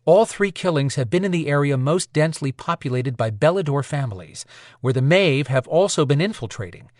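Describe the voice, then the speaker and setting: A man's voice: a little high, expressive, fairly quick, darkish tone, dry recording, studio quality, close to an everyday voice. A man reading an audiobook voices a determined woman supernatural warrior, blunt and impatient. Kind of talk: audiobook character voice.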